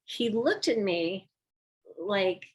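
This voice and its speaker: A woman's voice: mid-range voice, drawn-out words, breathy edge. Older woman telling ballet stories. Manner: animated storyteller, acts out quoted lines. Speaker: interview guest, former ballet dancer. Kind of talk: casual storytelling interview.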